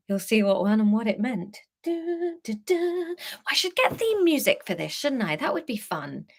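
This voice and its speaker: A woman reading her own story aloud on a live stream, breaking off to laugh and chat with viewers between passages. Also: medium pitch. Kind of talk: live book reading with chatty asides to viewers.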